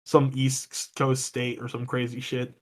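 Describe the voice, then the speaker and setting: A man's voice: mid-range voice, completely flat delivery, measured pace. A man from Texas co-hosting a podcast, chatting casually, swearing often and laughing a lot. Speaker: podcast co-host. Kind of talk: casual chat.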